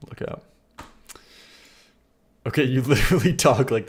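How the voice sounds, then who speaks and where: A man's voice: mid-range voice, animated, fairly quick, long pauses. A man hosting a live stream, casually reacting to viewers' songs with wry sarcasm, laughing asides and mumbled muttering. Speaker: streamer reviewing viewer song submissions.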